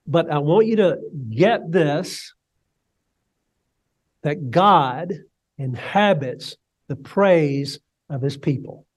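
A male preacher with a high voice delivers his sermon slowly and deliberately. He swings between quiet, low lines and soaring cries, and he has the congregation repeat phrases back to him. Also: animated. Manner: leads the congregation in call and response. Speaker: pastor.

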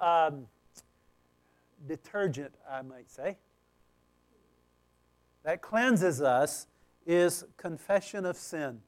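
High-voiced man preaching emphatically. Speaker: pastor. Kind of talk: sermon.

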